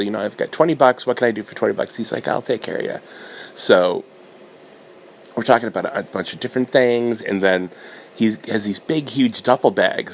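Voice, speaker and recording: Male podcast host, low gravelly voice, loose storytelling monologue. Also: a little hiss or hum. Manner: meandering, full of restarts and fillers, animated when quoting himself. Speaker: podcast host recounting dreams. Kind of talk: casual rambling monologue.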